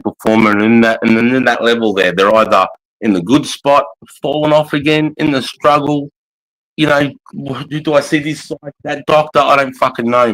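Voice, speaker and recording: A man's voice: mid-range voice, fairly bright tone, no echo, rough recording. A man hosting a live stream, talking in a matey, swearing way and dropping "mate" and "bro" into nearly every line. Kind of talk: casual live-stream chat.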